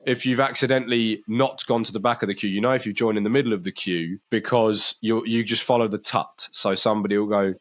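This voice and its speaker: A man co-hosting a casual podcast chat, explaining things in rambling, halting bursts. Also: fairly low pitch, fairly even intonation. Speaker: podcast co-host.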